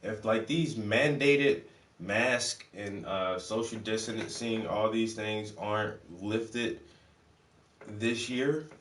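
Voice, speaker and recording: A man with a lowish voice talks in a laid-back, rambling way, full of slang and cursing. He is well back from the mic in an echoey room, with faint noise behind him. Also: slow pace, fairly bright tone, recorded from a distance. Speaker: host. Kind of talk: casual livestream chat.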